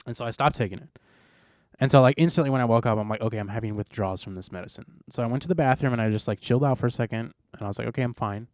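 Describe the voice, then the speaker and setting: Hombre joven contando anécdotas, sonido seco. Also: male voice, mid-range voice, very fast, a little mellow, no echo, clean studio sound. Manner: rambling, laid-back storytelling with frequent "like". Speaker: podcast host. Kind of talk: casual chat.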